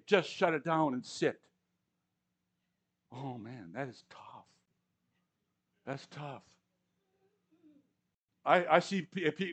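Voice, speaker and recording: A man preaching a sermon to a congregation, conversational and anecdotal, often stammering and acting out quoted lines. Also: on the high side. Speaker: pastor. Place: church service before a congregation.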